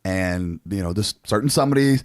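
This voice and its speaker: Low, lively man telling a story. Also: fairly quick, no echo, studio quality. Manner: animated, profane, frequent fillers. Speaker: podcast co-host. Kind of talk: casual storytelling.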